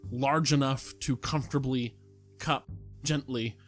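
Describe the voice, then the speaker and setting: A man with a mid-pitched voice chatting on a podcast, with light music faint in the background. He states his views bluntly and often laughs while arguing a point. He sounds relaxed and unscripted. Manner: blunt and opinionated, quick to laugh. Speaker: podcast co-host. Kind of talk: casual chat.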